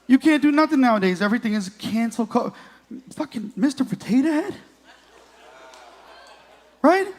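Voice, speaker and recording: A man's voice: very high-pitched, expressive, normal speed, pauses often. A man in his late thirties doing a crude, profane stand-up comedy set on a comedy club stage, working the crowd. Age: 30s.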